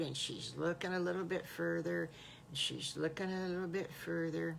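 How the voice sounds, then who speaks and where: Brief: older woman, folksy storyteller, a bit low, soft-spoken. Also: moderate pace, vocal fry, a little hiss or hum. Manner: folksy, gentle, homespun. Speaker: storyteller grandmother. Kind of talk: improvised children's story.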